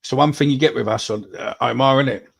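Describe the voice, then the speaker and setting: A man's voice: mid-range voice, fast, creaky, breathy edge. A man co-hosting a live football podcast, talking bluntly and swearing freely. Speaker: podcast co-host. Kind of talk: casual live-stream chat.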